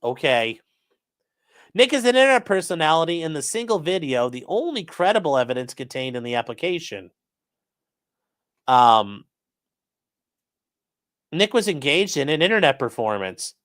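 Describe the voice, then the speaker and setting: A man's voice: on the high side, very animated, normal speed, pauses often, a bit bright. A man hosting his channel, mocking a court filing in profane, incredulous commentary and talking to his live chat. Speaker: channel host.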